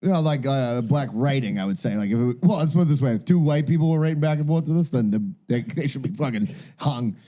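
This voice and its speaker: A man's voice: mid-range voice, animated, quick pace, hardly any pauses, warm tone. A man co-hosting a podcast, telling stories in a rambling, foul-mouthed, self-mocking way. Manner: rambling, swears constantly, self-mocking bravado. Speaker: podcast co-host. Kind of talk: casual crude banter.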